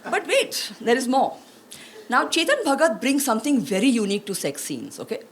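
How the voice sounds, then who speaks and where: A woman, performing a lively stand-up comedy set for a live audience. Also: fairly high pitch, fairly quick, a little hiss or hum. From India. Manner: lively, animated delivery with playful mock voices.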